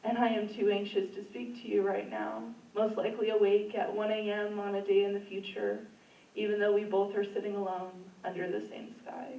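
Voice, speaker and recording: A woman's voice: medium pitch, little pitch movement, brisk, creaky. A woman reading her own poems at an open mic in a library community room, in an earnest, emotional voice. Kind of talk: poetry reading. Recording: roomy, distant, dull room sound.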